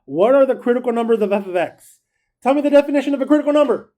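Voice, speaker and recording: A man racing through a calculus lesson in a very high-pitched, warm voice with lively intonation. The math teacher explains the rules in a chatty style, frequently checking in with his students, in this recorded classroom lecture.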